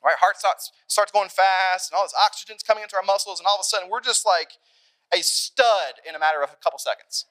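A young adult man preaching a sermon in an animated, conversational way, acting out little scenes along the way. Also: high voice, quick pace, no room sound. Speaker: pastor.

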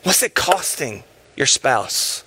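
A man's voice: mid-range voice, big pitch swings, slow pace, pushed and bright, breathy edge. A man preaching a sermon in an emphatic, impassioned and urgent way.

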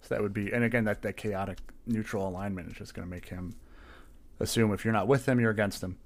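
A man's voice: fairly low pitch, fairly even intonation, quick pace. Rambling young man co-hosting a podcast. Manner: rambling, many fillers. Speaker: podcast co-host. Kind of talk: casual chat.

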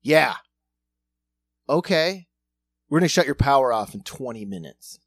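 A man's voice: medium pitch, animated, measured pace, a bit bright, breathy edge, no room sound, full character voice. A man voicing an aggressive, over-the-top scam caller in an exaggerated fake Cuban accent. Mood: pushy. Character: pushy male scam caller with a thick put-on Cuban accent.

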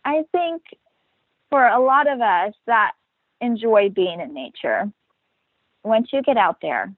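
A woman's voice: medium pitch, dry recording. A woman in her thirties, a guest in a casual interview, talking in an upbeat, matter-of-fact way and acting out the voices she quotes. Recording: dry, tinny phone-like line.

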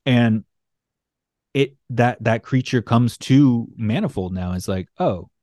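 A man hosting a podcast, retelling a comic story in a loose, rambling way full of swearing and jokes. His voice sits at a middling pitch. The sound is dry and close, with no room around it. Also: takes it slowly, darkish tone, dry recording. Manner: rambling, profane, jokey storytelling. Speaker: podcast host. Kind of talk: casual comic book recap.

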